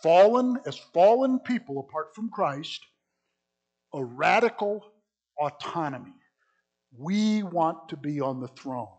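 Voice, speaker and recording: Man, preacher, sermon, fairly high voice, emphatic stresses, quiet asides. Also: animated, takes it slowly. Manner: addresses listeners as folks.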